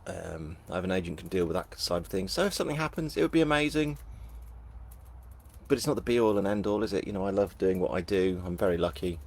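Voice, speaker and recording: A man's voice: low-pitched, steady tone, quick pace, vocal fry, hardly any pauses, a little mellow. A middle-aged man with a Northern English accent, chatting casually as he reads out viewer comments at a live book launch, jokey and self-deprecating. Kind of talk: casual live-stream chat reading comments.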